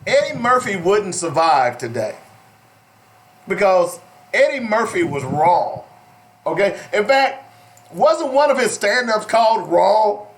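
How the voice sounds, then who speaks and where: Joking talk radio host with a drawl. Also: male voice, sits high, big pitch swings, slow. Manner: joking, laughs often, playful put-on drawl. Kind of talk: casual talk radio banter.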